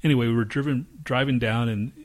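A man's voice: mid-range voice, steady tone, fast talker. A man co-hosting a podcast in a studio, telling rambling, profane stories in casual chat. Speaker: podcast co-host.

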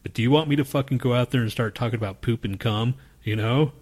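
A man's voice: medium pitch, quick pace, darkish tone. A man co-hosting a podcast in casual chat, ranting in a jaded, heavily profane way. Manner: profane, grumbling, jaded rants. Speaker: podcast co-host.

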